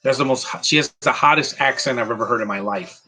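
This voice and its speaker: A man's voice: medium pitch, fast talker, bright, forceful tone, husky, rough recording. A man giving casual live commentary while watching a movie, rambling and opinionated, with many fillers and restarts.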